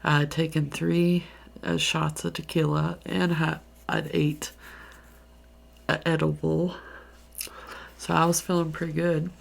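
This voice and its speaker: A woman's voice: low voice, flat delivery, a little slow, vocal fry, long pauses. A tired woman with a Southern US accent, telling a story in a rambling, half-whispered ASMR style. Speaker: ASMR creator. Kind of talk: soft-spoken ASMR ramble.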